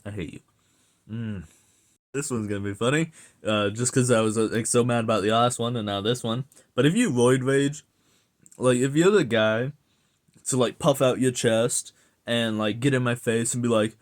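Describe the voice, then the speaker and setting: A man's voice: medium pitch, moderate pace. Profane exasperated young man ranting. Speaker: vlogger ranting. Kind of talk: casual rant to camera.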